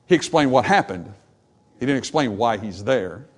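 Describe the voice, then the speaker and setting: A male preacher delivering a lively sermon at a mid-range pitch. He acts out the dialogue from scripture with rising energy, then drops to soft, low, reflective tones. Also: normal speed, husky. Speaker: pastor.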